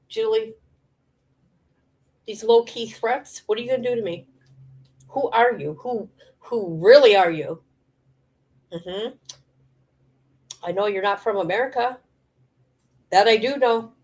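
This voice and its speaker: Woman streamer ranting live, confrontational, rambly, lots of ums, normal mid pitch. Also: unhurried, long pauses, a little mellow. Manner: confrontational, rambling, with frequent fillers.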